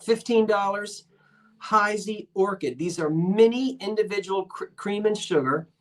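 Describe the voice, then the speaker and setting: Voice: medium pitch, measured pace, a bit bright. A live-stream sale host in a shop, chatting casually with a rambling, self-deprecating manner, reading out viewer comments and counting down bids. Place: shop, indoors.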